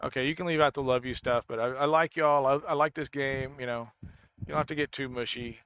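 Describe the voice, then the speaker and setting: A man's voice: mid-range voice, steady tone, fairly quick, smooth, dull audio. A man chatting casually on a game livestream, rambling and stammering, correcting himself often and laughing easily. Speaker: gaming streamer.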